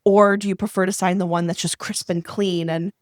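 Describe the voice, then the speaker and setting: Excitable, chatty woman podcast co-host. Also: lowish voice, brisk, dry recording, studio quality. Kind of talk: casual interview chat.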